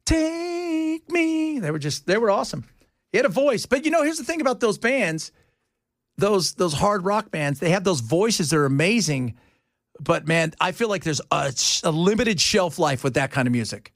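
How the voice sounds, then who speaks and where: A man hosts a talk radio show with an animated, joking manner. His voice sits a bit high with a gravelly edge and swoops up and down a lot. The sound is close and dry, like a studio mic. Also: normal speed, dry recording. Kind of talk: casual radio banter. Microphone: studio microphone.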